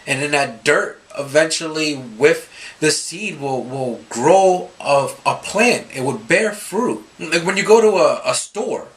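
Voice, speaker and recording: Guy giving a sunday scripture talk, really expressive, jumps all over in pitch when telling stories. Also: takes it slowly. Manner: animated storytelling, quoting others in voices. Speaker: youth ministry speaker. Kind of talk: Scripture reflection.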